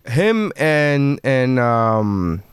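A man's voice: medium pitch, big pitch swings, extremely slow, clean tone, no echo, clean studio sound. A man co-hosting a podcast in casual chat, rambling with lots of fillers and restarts and swearing freely. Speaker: podcast co-host.

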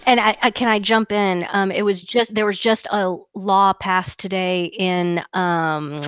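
A middle-aged woman co-hosting a podcast in casual chat, animated and laughing often, with frequent restarts. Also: mid-range voice, measured pace, clean tone, dry recording, clean studio sound. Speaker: podcast co-host.

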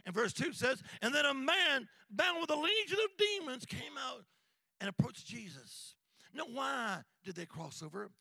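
A man preaching a sermon as an evangelist, with rhythmic call-and-response that swings from shouts to hushed whispers in a church. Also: very high-pitched, big pitch swings, normal speed, creaky, no echo. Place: church sanctuary.

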